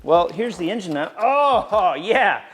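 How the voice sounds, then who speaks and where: A man's voice: high-pitched, very animated, takes it slowly, background noise. A man hosting a car project video, joking and explaining as he works in a garage. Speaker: host, mechanic. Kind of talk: casual garage chat.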